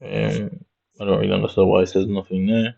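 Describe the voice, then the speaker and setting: A man's voice: on the low side, flat delivery, fairly quick, vocal fry, a little mellow. A man from Jamaica with a Jamaican accent, muttering to himself with swearing and slang as he comments casually on his screen. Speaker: vlogger. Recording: dull lo-fi recording.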